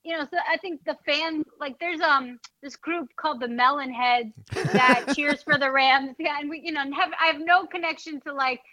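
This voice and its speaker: This young woman, an NFL team reporter and podcast host, talks casually in an interview with a Bronx New York accent, peppering her speech with "like" and "you know." Her voice is high, pushed and bright, at a normal pace. The recording is dry, dull and slightly lo-fi.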